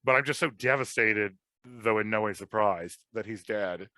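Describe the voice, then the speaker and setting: A man in his thirties hosts a casual podcast chat. His voice is bright and forceful, recorded dry and close with no room sound. He rambles, apologizes for talking too much, and gets animated. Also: on the low side, moderate pace, dry recording. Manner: rambling, self-deprecating, animated. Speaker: podcast host.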